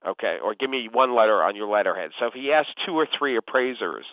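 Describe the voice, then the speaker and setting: A man's voice: fairly low pitch, lively intonation, fast, no echo. A man acting as a real estate coach, giving instructive advice on a call and often addressing the listener by name. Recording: tinny phone line, dry.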